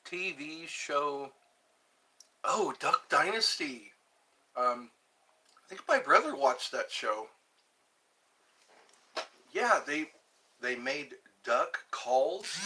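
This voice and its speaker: Guy rambling on his live stream, real slow, kinda high bright voice, stops and restarts a lot. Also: animated. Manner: slow, rambling, chatty, restarts words, eating while talking. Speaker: livestream host. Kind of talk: casual live chat reading comments.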